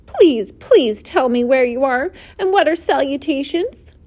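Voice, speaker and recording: A woman voicing an eager, earnest young male pig in a storybook reading, high and pleading. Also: sing-song, a little slow, darkish tone, full character voice.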